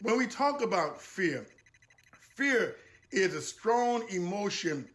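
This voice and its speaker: A man's voice: sits high, sing-song, takes it slowly, a bit bright. A man giving a motivational talk to a small audience, preacherly and emphatic, repeating phrases for effect. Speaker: guest speaker.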